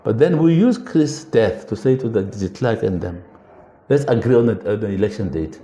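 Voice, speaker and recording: Older guy, warm low-key voice, slows down to make a point. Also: animated, reverberant. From South Africa. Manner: earnest, measured, slows for emphasis. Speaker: interview guest, veteran politician. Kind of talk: reflective storytelling in a podcast interview.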